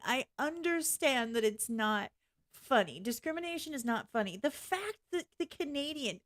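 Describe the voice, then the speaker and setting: A middle-aged woman hosts a livestream reaction in a high voice at normal speed, blunt and excitable and often bursting into laughter.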